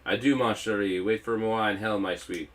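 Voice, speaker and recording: A man's voice: on the low side, fairly even intonation, normal speed, a little hiss or hum, close to an everyday voice. A man putting on a pompous French villain. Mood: gloating. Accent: put-on French. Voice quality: pompous, theatrical. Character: pompous French-accented male villain commander. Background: faint game music.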